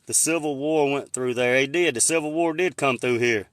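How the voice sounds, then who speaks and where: Holding his phone as he live-streams from the woods, a man chats casually, rambling in a folksy manner and answering viewer comments. He speaks in a mid-range, fairly bright voice at normal speed, with no echo.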